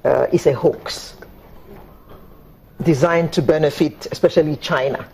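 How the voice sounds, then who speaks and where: A man's voice: fairly high pitch, steady tone, measured pace, vocal fry, darkish tone, a little hiss or hum. A man hosting a TV panel, asking probing questions. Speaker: TV host. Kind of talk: TV panel moderating.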